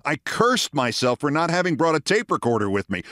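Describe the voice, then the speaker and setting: A man's voice: fairly high pitch, sing-song, fairly quick, few pauses, fairly bright tone, dry recording, clean studio sound. A man in his sixties, originally from the Bronx, hosting and telling a wry, precisely delivered anecdote. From the Bronx, New York. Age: 60s. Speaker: host. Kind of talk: storytelling monologue.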